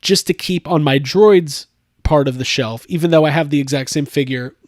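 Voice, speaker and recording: A man hosting a casual chat, rambling with lots of fillers and animated jumps in tone. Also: on the high side, moderate pace, no echo, studio quality. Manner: rambling, animated, laughs often. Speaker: podcast host.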